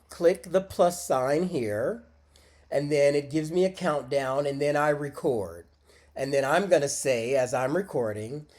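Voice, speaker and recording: A man teaching a short English lesson, speaking deliberately and modeling phrases for learners to repeat. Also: a little high, darkish tone. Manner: slow, deliberate, encouraging, models phrases aloud for repetition. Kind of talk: scripted micro-lesson with screen demo.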